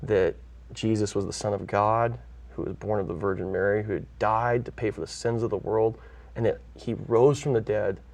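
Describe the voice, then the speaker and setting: A man's voice: on the low side, fairly even intonation, normal speed, creaky, a little mellow, recorded from a distance. A man from California, a pastor who is a guest on an interview show, earnestly telling his own story and acting out the voices he quotes. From California, USA.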